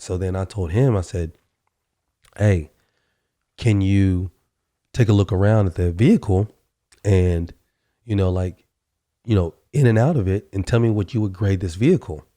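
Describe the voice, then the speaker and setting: A man's voice: deep voice, mellow, no echo. A man hosting a podcast, telling a workplace story in a casual, conversational monologue, acting out both sides of the dialogue and often saying "you know". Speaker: podcast host.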